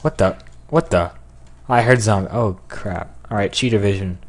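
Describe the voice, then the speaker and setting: A man giving casual gameplay commentary, excitable, yelping and cursing at what happens on screen. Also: lowish voice, moderate pace. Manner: excitable, yelps and curses at the game. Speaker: gamer.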